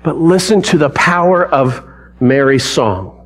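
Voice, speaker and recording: A man with a high, light voice delivers a church sermon. He tells the story with drama and gets the congregation to repeat lines back to him. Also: a little slow. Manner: animated, dramatic storytelling with audience call-and-response. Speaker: preacher.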